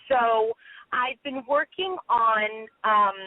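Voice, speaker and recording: A woman guest, a singer and actress, chatting in an animated, teasing, exclamatory way over the phone. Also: a little high, takes it slowly, dry recording. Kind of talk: casual chat. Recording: tinny phone line.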